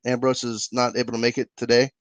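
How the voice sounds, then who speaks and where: A man's voice: mid-range voice, monotone, quick pace, dry recording. A man co-hosting a casual podcast chat, laid-back and full of fillers. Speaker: co-host. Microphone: video call.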